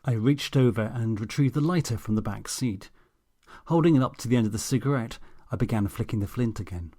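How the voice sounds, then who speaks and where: A man's voice: mid-range voice, a little fast, warm tone. A man reading a comic audiobook in a dry, sardonic, self-mocking way. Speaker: audiobook narrator.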